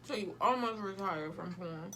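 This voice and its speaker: A woman's voice: mid-range voice, moderate pace, noisy background. A woman giving blunt, profane, sassy running commentary while reacting to a film. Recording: loud music under the voice.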